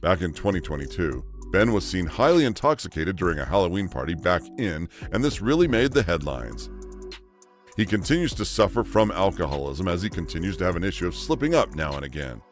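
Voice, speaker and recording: A man's voice: sits low, big pitch swings, fairly quick, faint music behind. A man narrating a scripted countdown of celebrity stories.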